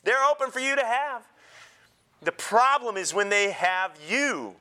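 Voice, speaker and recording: Bright high-voiced man preaching. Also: unhurried, clear, resonant tone. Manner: animated, jokes and laughs with the congregation. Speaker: pastor. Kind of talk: sermon.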